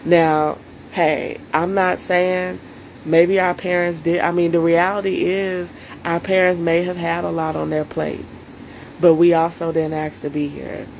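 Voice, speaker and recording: A woman's voice: on the low side, level tone, a little slow, creaky, a little mellow, a little hiss or hum, low-quality recording. A woman coaching viewers on self-care in a solo live stream, earnest and emotional, speaking straight to her audience.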